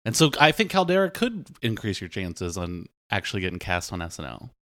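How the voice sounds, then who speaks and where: Low-voiced man with deadpan jokes. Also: a little fast, no echo, clean studio sound. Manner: deadpan, joking asides. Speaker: podcast co-host. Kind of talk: comedic podcast banter.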